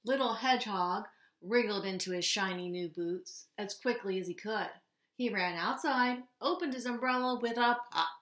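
A woman reading a children's picture book aloud in a gentle, expressive way. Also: medium pitch, normal speed, reverberant. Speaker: storybook reader. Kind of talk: children's story read-aloud.

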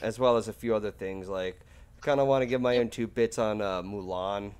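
A man's voice: lowish voice, a little fast, a little mellow, clean tone. A man hosting a casual stream chat, rambling and hedging as he talks. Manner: rambling, hedging, laughs often. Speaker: streamer host.

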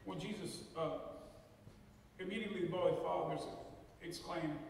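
A man's voice: high-pitched, fairly even intonation, normal speed, vocal fry, pauses often, slight background noise. A middle-aged man preaching a folksy sermon as pastor, leading the congregation in call and response. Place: church sanctuary. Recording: echoey hall from far off.

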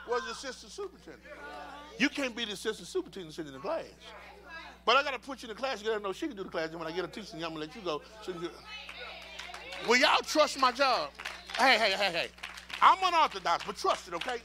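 A man leading a church Sunday school class, preaching in an animated way, repeating his words and breaking into shouts. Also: sits high, quick pace.

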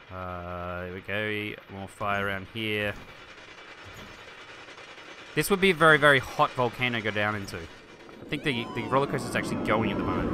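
A man hosting a game video, thinking aloud and getting excited as he chats to objects on screen. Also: mid-range voice, slight background noise. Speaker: gaming video host. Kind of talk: let's play commentary.

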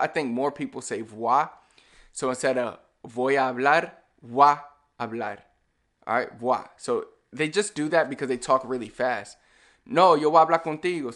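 A man with a Puerto Rican accent, explaining language points in a relaxed, casual lesson and slowly repeating example words. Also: medium pitch. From Puerto Rico. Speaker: Spanish language teacher.

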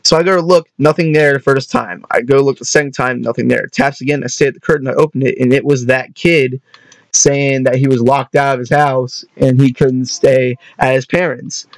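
A man's voice: medium pitch, steady tone, normal speed, creaky, no echo. A young man casually telling a storytime tale, rambling, restarting his sentences and often adding "you know what I mean".

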